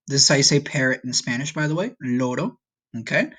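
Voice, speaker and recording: A man teaching a recorded language lesson, patient and slow, often checking in with "okay?". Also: on the high side, expressive, creaky, fairly bright tone. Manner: speaks slowly for learners to repeat. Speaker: Spanish teacher.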